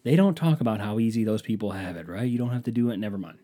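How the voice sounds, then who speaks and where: A man's voice: lowish voice, fast, warm tone. A man telling stories in a casual monologue, sardonic and profane, mimicking people in mocking voices.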